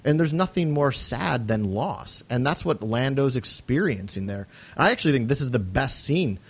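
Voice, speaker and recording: A man hosting a podcast, talking through a film in an earnest, animated way and often checking for agreement. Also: medium pitch, moderate pace, breathy edge. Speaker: podcast host. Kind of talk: casual film discussion.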